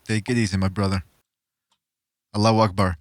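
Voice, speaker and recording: A man hosting a casual boxing podcast, loud and profane, laughing often as he talks to callers. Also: fairly low pitch, little pitch movement, brisk, no echo, studio quality. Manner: loud, swearing, laughs a lot. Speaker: podcast host.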